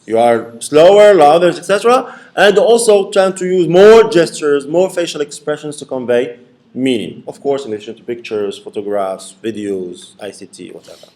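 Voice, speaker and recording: A man's voice: on the high side, expressive, moderate pace, a little mellow. A man giving a classroom lecture, repeating his points and checking in with the class by asking "okay?". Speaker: university lecturer.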